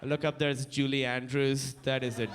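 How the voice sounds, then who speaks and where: A man from Pakistan telling a stand-up comedy story on stage, animated, breaking into panicked shouted voices. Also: mid-range voice, moderate pace, long reverb tail, background noise. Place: comedy stage before a live audience.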